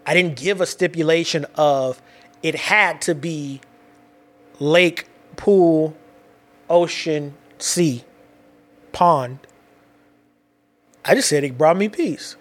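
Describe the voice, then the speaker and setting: Animated slangy man telling a story. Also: a little high, slow, pauses often. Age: adult with children. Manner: animated, slangy, repeats himself and restarts. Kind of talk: casual personal storytelling.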